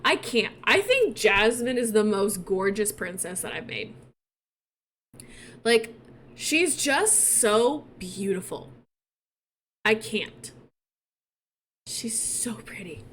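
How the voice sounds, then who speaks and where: A woman giving casual, chatty game commentary with excitable, gushing reactions. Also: mid-range voice, slow, long pauses, slight background noise. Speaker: gaming YouTuber.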